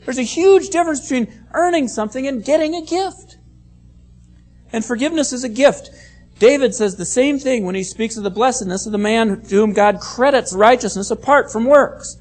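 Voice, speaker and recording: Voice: medium pitch, lively intonation, moderate pace, a little mellow. A pastor preaching a sermon, stressing key phrases by repeating them, explaining Bible words and reading scripture aloud.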